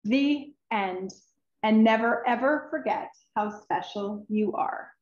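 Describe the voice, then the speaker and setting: Woman, children's book author, reading aloud, expressive and sighing, unhurried, roomy muffled recording. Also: on the high side. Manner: expressive, emotional, with sighs and drawn-out words. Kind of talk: reading her own picture book aloud.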